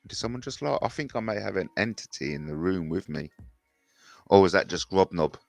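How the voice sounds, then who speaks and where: A man's voice: low voice, animated, brisk, vocal fry, a little mellow, no room sound, faint music behind. A man hosting a rambling livestream, mocking and swearing and repeating himself. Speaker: host. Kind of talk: rambling solo livestream rant.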